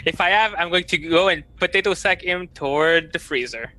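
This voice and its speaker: A man's voice: high voice, moderate pace, bright, forceful tone. A man playing a tabletop game, chiming in with wry quips. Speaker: player.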